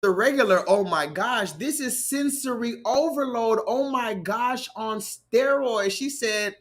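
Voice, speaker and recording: A man's voice: very high-pitched, slow, hardly any pauses. Man freestyle rapping on a live stream. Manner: rhythmic, emphatic rapping, excitable reactions. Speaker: rapper and live-stream host. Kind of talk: freestyle rap and live reaction commentary.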